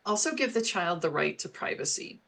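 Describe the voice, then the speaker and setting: A woman's voice: lowish voice, fairly quick, gravelly. Earnest middle-aged woman explaining. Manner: earnest, laughs between points, lively emphasis. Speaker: guest, HR professional and parent. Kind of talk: explanatory interview talk.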